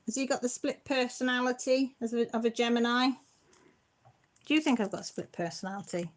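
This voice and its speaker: A woman's voice: a little high, brisk. A middle-aged woman, hosting a casual livestream and chatting and teasing as she answers viewer comments. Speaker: channel host.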